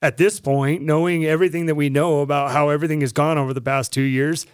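Male podcast co-host, emphatic and profane, slightly high voice, dry mic. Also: fairly even intonation, quick pace, clean tone, no room sound. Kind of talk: casual podcast chat.

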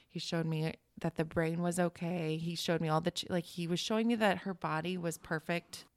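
A woman telling a painful personal story in a halting, emotional way as a podcast guest. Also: on the low side, fairly even intonation, no echo. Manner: halting, emotional, reliving the moment. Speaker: guest sharing her story.

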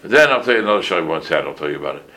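A man in his sixties, a rabbi giving a casual halacha class full of stories, talking in an animated way with many restarts and Yiddish phrases. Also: deep voice, racing, a little hiss or hum, rough recording.

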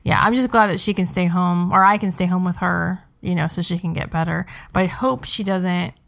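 A woman's voice: fairly low pitch, steady tone, a little fast, gravelly, a bit bright. A young adult woman hosting a podcast, chatting in an upbeat casual way with frequent ums. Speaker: podcast host.

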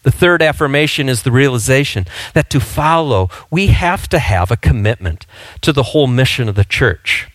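A man's voice: mid-range voice, expressive, normal speed, no echo. A male pastor preaching a sermon in a conversational, storytelling way, with frequent fillers and restarts.

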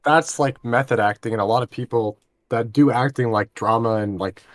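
A man co-hosting a podcast, speaking loudly in casual chat and explaining with lots of hedging "like"s. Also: medium pitch, moderate pace, no echo, studio quality. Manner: loud, explaining, hedges with many "like"s. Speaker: podcast co-host.

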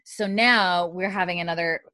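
A woman hosting a podcast, recapping TV episodes in an animated, chatty way. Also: on the low side. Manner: animated storyteller, quick asides. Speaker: podcast host.

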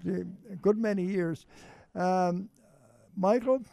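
A high-voiced man hosting a radio show, with a gravelly, mellow tone. He chats with guests in a quick, hurried way at a studio microphone. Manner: chatty, hurried. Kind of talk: casual radio interview.

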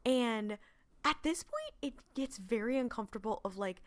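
A woman's voice: on the high side, expressive. A woman co-hosting a podcast, chatting casually as she recaps a TV episode, swearing freely and acting out lines from the scenes. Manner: quick, swearing, acts out quoted lines. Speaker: podcast co-host.

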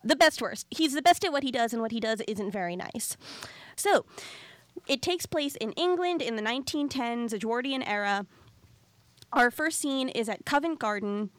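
A woman co-hosting a podcast, talking in a quick, chatty, animated way. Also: on the high side, no echo. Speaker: podcast co-host. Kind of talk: casual podcast chat.

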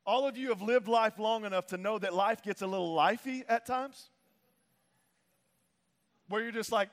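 A man's voice: sits high, normal speed, pauses often, long reverb tail. A male pastor preaching a sermon in a casual, slangy way, repeating phrases for emphasis.

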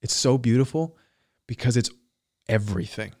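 A man's voice: mid-range voice, normal speed, a little mellow, no echo, clean studio sound. A man telling a personal story in casual conversation, reflective and searching for words with frequent fillers.

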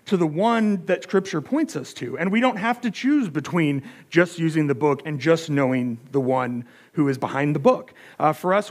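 An American man giving a sermon, telling a story in a chatty, self-deprecating way with many fillers. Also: high-pitched. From United States. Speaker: pastor.

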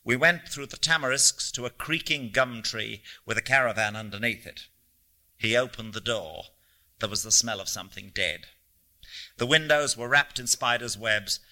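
A man narrating a literary audiobook in a measured, descriptive reading. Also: medium pitch, pushed and bright.

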